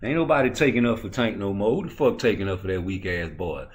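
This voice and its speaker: A man hosting a YouTube boxing talk show, ranting profanely and swinging from low muttering to loud, heated outbursts. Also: big pitch swings, quick pace, few pauses. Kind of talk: ranting commentary.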